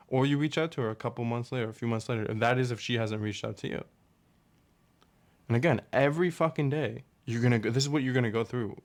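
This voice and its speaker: Blunt, profane young man ranting advice. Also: medium pitch. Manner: blunt, profane, animated, acts out inner dialogue. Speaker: relationship advice talker. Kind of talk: casual monologue.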